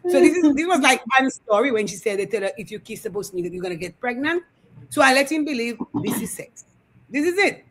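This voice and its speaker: A middle-aged woman co-hosting a casual talk show, telling animated family stories and acting out the voices. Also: a little high, brisk, poor audio. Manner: animated storyteller, acts out quotes. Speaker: co-host. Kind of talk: casual storytelling chat. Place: studio.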